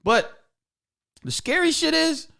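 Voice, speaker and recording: A comedian guest on a podcast tells stories casually, acting out the people in them with lots of profanity. His voice is very high-pitched with vocal fry, and he speaks at a slow pace.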